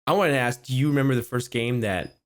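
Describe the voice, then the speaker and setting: Young man, co-host, curious questions, animated anecdotes, middle pitch. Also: quick pace. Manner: inquisitive, animated storyteller. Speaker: podcast co-host. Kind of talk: casual chat.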